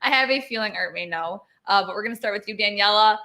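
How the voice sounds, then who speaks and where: Bright upbeat woman host. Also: mid-range voice, fast talker. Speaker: show host. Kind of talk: hosting a casual chat.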